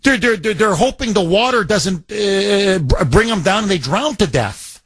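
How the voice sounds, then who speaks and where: Man, high voice, indignant talk radio rant, keeps restarting phrases, dry close sound. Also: expressive, moderate pace, fairly bright tone, breathy edge, no echo.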